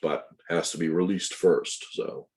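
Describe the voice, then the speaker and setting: A man lecturing on anatomy in a deep voice. His tone is dark and mellow. He walks through each point step by step, pausing to correct himself and to add asides for his students. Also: level tone. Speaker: anatomy instructor. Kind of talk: recorded lecture.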